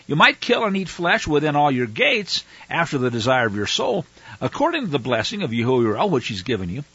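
A male Bible teacher reads passages aloud and breaks in with emphatic, fiery commentary. His husky voice swings widely in pitch. The sound is dry and a little dull, like a lo-fi recording. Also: sing-song, a little fast, a bit bright, no echo. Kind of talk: scripture reading with commentary.

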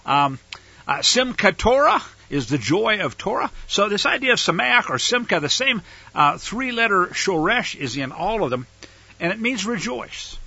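A man's voice: sits high, big pitch swings, normal speed, gravelly, bright, forceful tone, breathy edge, dry recording, highs cut off. A man teaching a scripture study, reading verses aloud and explaining them, leaning hard on key words with growing emphasis. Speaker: Bible teacher.

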